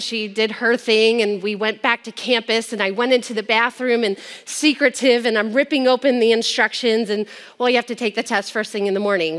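A woman sharing a personal testimony with an audience. She tells it earnestly and drops softer at the heavy moments. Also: mid-range voice, in a large hall. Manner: earnest storytelling, dropping soft at heavy moments.

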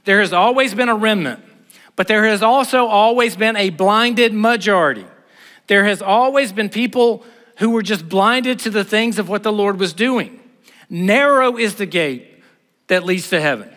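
A man's voice: high voice, normal speed, a bit bright. A middle-aged man preaching a sermon in an emphatic, blunt, conversational way. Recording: reverberant hall.

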